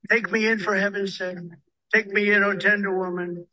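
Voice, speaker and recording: A man reading aloud a poem and voicing a vicious male snake with a sly, mocking manner in slow recited verse. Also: high-pitched, little pitch movement, bright, forceful tone. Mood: pleading.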